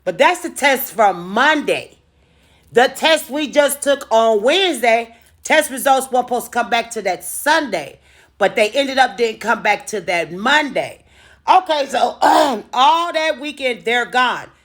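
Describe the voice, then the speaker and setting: A woman telling a personal story to camera in a casual vlog, animated and freely cursing. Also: a little high, unhurried. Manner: animated, profane, dramatic storyteller. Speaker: storytime vlogger.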